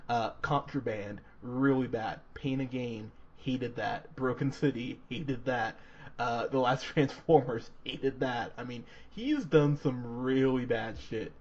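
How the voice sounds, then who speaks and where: A man co-hosting a movie review podcast, chatting casually and animatedly, swearing and laughing often with lots of fillers. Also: mid-range voice. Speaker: podcast co-host. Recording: dull lo-fi podcast audio with faint noise.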